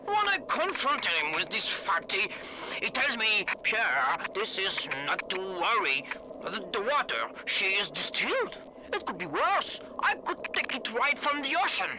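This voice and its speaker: A man's voice: high voice, huge pitch swings, measured pace, background noise, heavily acted. An actor playing a bitter, fussy Frenchman with an exaggerated French accent, complaining theatrically about wine. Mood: indignant.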